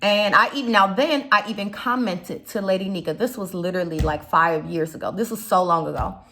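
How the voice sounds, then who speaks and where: A young woman with a slight Chicago accent chats through a casual commentary vlog. Her voice is bright and forward, sitting at an average pitch, and she rambles with plenty of fillers and side remarks. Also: brisk, a little hiss or hum. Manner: chatty, rambling, lots of fillers and asides. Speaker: YouTube commentator.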